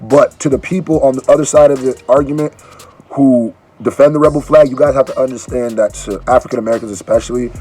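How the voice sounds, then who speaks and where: Groggy guy rambling slangy reaction talk, mid pitch, bit of music faint in back. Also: fairly even intonation, fast talker, mellow, slightly rough. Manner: loose slangy talk with restarts. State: groggy from allergy medicine. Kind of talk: casual reaction video chat.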